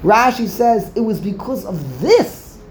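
Animated woman giving a Torah talk. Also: fairly high pitch, a little slow, a little hiss or hum. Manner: emphatic, repeats phrases for stress. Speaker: Torah teacher. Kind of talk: Torah lecture. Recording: roomy echo.

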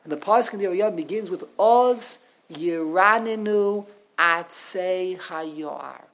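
A man teaching an informal religious class, chatty and repetitive, quizzing his listeners. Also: high voice. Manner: chatty, repeats himself, asks the class questions.

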